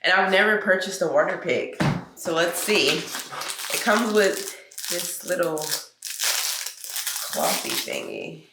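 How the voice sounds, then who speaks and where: A young woman vlogger, freshly out of bed, chats casually to the camera while cooking and unboxing items in her home kitchen. Her fairly low voice is very animated but slow, with long pauses, in a roomy space with heavy background noise. She's chatty, calls viewers "y'all" and "girl," and uses loose, casual grammar.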